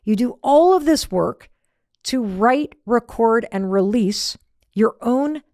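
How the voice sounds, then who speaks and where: Woman, middle-aged, motivational podcast host, lively swooping pitch, dry close sound. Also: slow, no room sound. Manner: animated, conversational, acts out quoted lines. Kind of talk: motivational talk.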